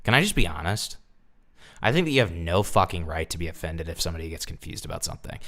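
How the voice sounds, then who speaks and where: A man with a fairly low voice rants on a livestream, a little tipsy. He talks bluntly and defensively and swears often. Now and then his rant bursts into loud outbursts. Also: very animated, fast.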